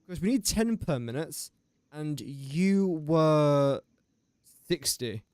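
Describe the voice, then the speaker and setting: A man's voice: fairly high pitch, animated, slow, darkish tone, clean tone, no room sound. A man chatting on a game live stream, thinking aloud through sums and joking with viewers. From England. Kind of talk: casual live-stream chat.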